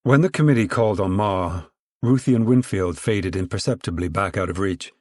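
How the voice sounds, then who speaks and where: A man with a low voice reads a novel aloud, steady and storytelling in pace. The recording is dry and close, with no room sound around him. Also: normal speed, no echo. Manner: steady storytelling, acts out dialogue. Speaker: audiobook narrator. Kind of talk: scripted narration.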